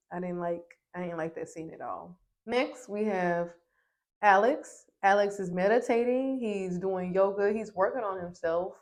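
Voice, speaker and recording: A young woman giving a casual, sassy recap of a reality TV episode, speaking with emphasis and addressing the cast directly. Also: fairly low pitch. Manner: sassy, emphatic, talks to the screen. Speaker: reality TV reviewer.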